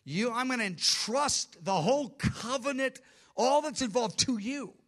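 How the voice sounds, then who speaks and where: A man's voice: extremely high pitch, expressive, unhurried, a bit bright, voice pushed up, full character voice. A preacher playing an emphatic God the Father. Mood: commanding. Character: commanding male God the Father, authoritative and reassuring.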